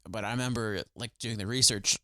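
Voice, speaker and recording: Bright, dry-voiced young podcast co-host. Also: male voice, fairly low pitch, fairly even intonation, a little fast, no room sound. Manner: enthusiastic, swears freely, says "like" a lot. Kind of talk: casual chat.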